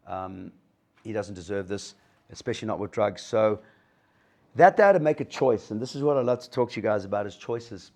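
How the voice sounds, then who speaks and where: A man's voice: on the low side, brisk, a little mellow. A middle-aged man gives a motivational talk to an audience, telling his story and acting out the dialogue. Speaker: guest speaker sharing a recovery story.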